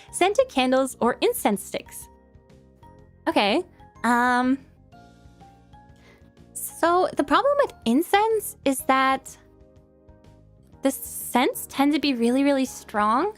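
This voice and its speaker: A woman's voice: high voice, big pitch swings, very slow, long pauses. A young woman with a New York accent chatting casually with her stream, giggling often and trailing off into fillers and restarts. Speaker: streamer answering viewer questions. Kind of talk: casual chat. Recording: faint music behind.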